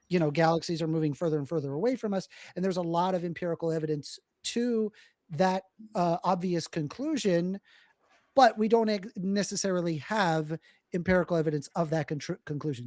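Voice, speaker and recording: A woman's voice: fairly low pitch, a little mellow, no room sound, clean studio sound. Woman debater explaining with blunt asides. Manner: explanatory, hesitant restarts, blunt dismissals. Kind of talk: live-streamed debate discussion.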